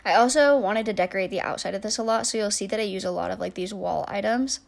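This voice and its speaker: Casting: young woman, casual rambling game commentary, mid-pitched, many fillers and muttered asides. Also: quick pace, gravelly. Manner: chatty, rambling, many likes and restarts, trailing soft asides. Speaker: game build YouTuber.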